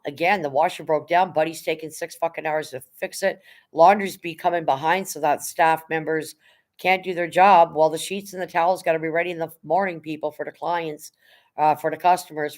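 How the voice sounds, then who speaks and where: Middle-aged woman, livestream host, chatty and rambling, blunt with a bit of swearing. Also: sits low. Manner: rambling, chatty, greets viewers by name. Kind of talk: casual livestream chat.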